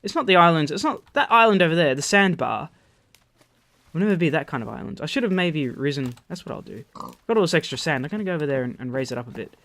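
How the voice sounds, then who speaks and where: A man with an Australian accent telling rambling, animated stories while commentating his gameplay, swearing freely. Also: a little high, quick pace. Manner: rambling, animated anecdotes with profanity. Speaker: gaming channel host. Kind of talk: storytelling over gameplay commentary.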